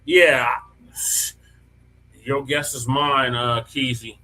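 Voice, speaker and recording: A man in a casual group chat, easygoing and quick to agree. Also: mid-range voice, fairly even intonation, bright, forceful tone.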